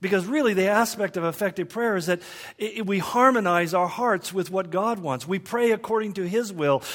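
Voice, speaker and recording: Guy with a fairly high voice giving a sermon, chatty, tosses in jokes and questions. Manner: conversational, with humorous asides and rhetorical questions. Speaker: preacher.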